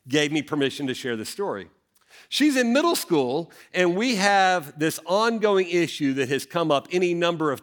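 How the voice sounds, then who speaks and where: A middle-aged man, a senior pastor preaching a sermon and telling a family story with dramatic swings in his voice. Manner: animated, dramatic storyteller with big swings in pitch.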